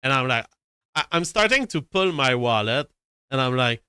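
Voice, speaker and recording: A man's voice: mid-range voice, expressive, moderate pace, sharp tone, smooth, no room sound. A man from Canada telling a rambling, profane, self-dramatizing anecdote. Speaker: storyteller. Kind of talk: casual anecdote.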